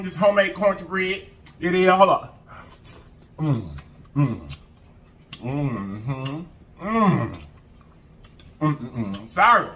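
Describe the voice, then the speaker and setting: A man hosting an eating show, chatting casually to viewers and humming as he eats. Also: on the high side. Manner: animated, sing-song hype, lots of humming while eating. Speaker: mukbang host.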